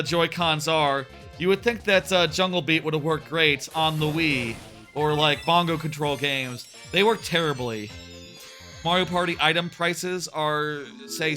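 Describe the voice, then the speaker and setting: A man's voice: a little high, bright, forceful tone. Rambling streamer, man in his thirties. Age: 30s. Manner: rambling, with many fillers and restarts. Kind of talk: casual live-stream chatter while gaming. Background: faint game music.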